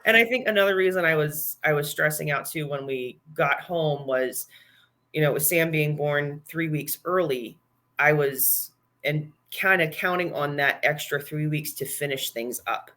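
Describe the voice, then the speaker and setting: A young woman speaks openly and casually as a podcast guest. Her delivery is chatty and relaxed, with frequent light laughter. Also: low-pitched, moderate pace. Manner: candid, chatty, laughs often. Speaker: guest, new mother.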